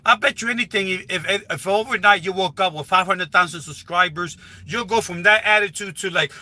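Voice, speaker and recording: High-voiced, bright, rambling man. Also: brisk, hardly any pauses. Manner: rambling, repetitive, with frequent restarts. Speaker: livestreaming YouTuber. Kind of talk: casual live stream advice talk. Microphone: phone held while livestreaming.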